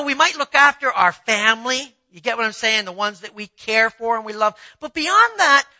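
A pastor preaching a sermon in a conversational way, telling personal stories and often asking the listeners if they follow, swinging between quiet asides and emphatic points. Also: sits high, dry recording, lo-fi sound. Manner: conversational preaching, asks the audience "you see what I'm saying".

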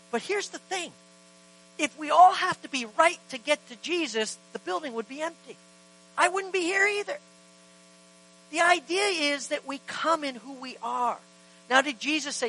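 Man, pastor, very high and bright voice, impassioned church sermon, acts out dialogue, dynamic between loud and soft. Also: lively intonation, moderate pace, rough recording. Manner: impassioned, swings between loud emphasis and hushed quiet lines; acts out quoted dialogue in conversational asides.

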